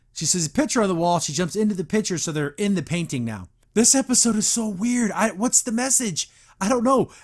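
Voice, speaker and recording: Excitable man recapping an episode. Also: a little high. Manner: rambling, exasperated, with frequent likes and restarts. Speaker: podcast host.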